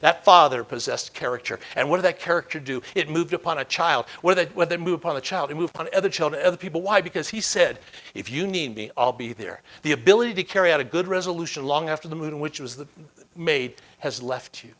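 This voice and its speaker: Male keynote speaker, high register, sharp tone; dramatic storyteller who repeats lines for effect. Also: fast. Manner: dramatic storytelling with emphatic repetition; swings between loud emphasis and hushed low lines. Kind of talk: motivational keynote speech.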